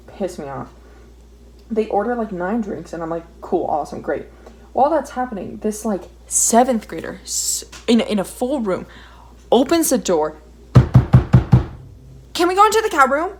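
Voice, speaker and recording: A woman's voice: medium pitch, darkish tone, rough recording. A young woman telling a story while she draws, ranting and swearing in an exasperated, casual way. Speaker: vlogger.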